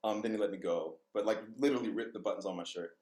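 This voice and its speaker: On a podcast, a vocal coach tells candid personal stories, laughing and swearing freely in a casual interview. His voice sits on the low side with a darkish tone, and he talks rapid-fire. The recording is roomy and poor in quality.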